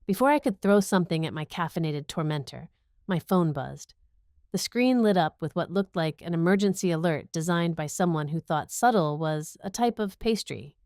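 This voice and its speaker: A woman's voice: fairly low pitch, lively intonation, moderate pace, darkish tone, no echo, clean studio sound. A young woman narrating a romantic comedy audiobook in first person, wry and sarcastic.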